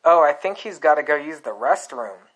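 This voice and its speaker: A man reading the lines of an easygoing young male filmmaker in a plain, unhurried voice. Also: on the high side, animated, a bit bright, low-quality recording.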